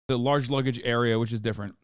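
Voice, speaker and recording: A man casually telling a story on a podcast, animated and swearing freely, acting out the people in it. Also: medium pitch, fast talker, clear, resonant tone, no room sound, studio quality. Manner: animated, swears, acts out quoted officials.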